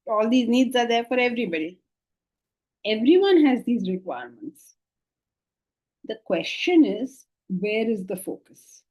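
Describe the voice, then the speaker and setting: A middle-aged woman teaching spiritual philosophy to a class, lively and often questioning her listeners. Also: medium pitch, poor audio. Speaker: Vedanta teacher. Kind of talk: spiritual lecture.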